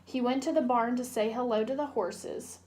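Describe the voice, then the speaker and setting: A young woman, a student, narrating a children's storybook read-aloud in a gentle, clear way. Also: a little high, steady tone, normal speed, a little hiss or hum. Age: young adult. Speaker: student reader.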